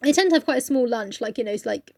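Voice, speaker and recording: A woman chats through a novel with a friend, cursing freely and jumping into the characters' voices. Her voice sits a little high. The sound is close and dry, with no room echo. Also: animated, quick pace, darkish tone. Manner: sweary, laughing, acts out character lines. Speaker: podcast co-host. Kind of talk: casual book-club chat.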